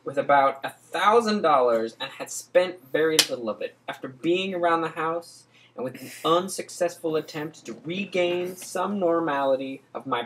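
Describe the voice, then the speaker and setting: A man's voice: on the high side, a bit bright, a little hiss or hum, rough recording. Man reading aloud with slips. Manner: reads stiffly, slips on words. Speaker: co-host reading a book aloud. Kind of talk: casual comedic reading.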